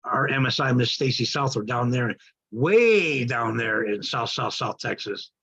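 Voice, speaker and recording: Husky man hosting, dull call audio. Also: medium pitch, animated, a little slow, a bit bright. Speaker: host introducing a guest. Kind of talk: enthusiastic introduction.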